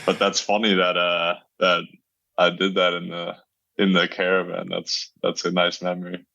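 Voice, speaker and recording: A young man from the United States, a cyclist guest on a podcast, relaxed and hesitant with many fillers. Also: low voice, moderate pace, creaky, no echo, highs cut off. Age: young adult. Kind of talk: casual podcast interview.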